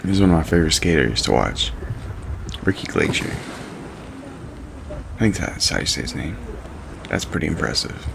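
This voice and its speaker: A man with a low, gravelly voice gives casual reaction commentary as a host. He talks in a laid-back, joking way, chuckling at his own remarks. The gravel sits under every line. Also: lively intonation, moderate pace, pauses often, noisy background.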